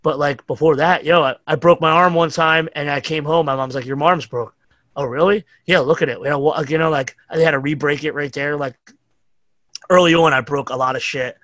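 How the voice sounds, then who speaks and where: A man's voice: on the high side, fairly even intonation, a little fast, fairly bright tone, no echo. A middle-aged man with a New York accent, telling rambling, profane stories as a podcast guest. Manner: profane, rambling anecdotes with acted-out quotes. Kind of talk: casual storytelling chat.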